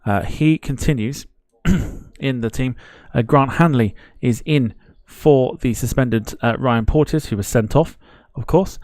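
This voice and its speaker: A man's voice: mid-range voice, a little slow, a little mellow, no echo, studio quality. A man hosting a live football watchalong stream, chatting casually, greeting viewers in the chat and laughing at himself as he rambles.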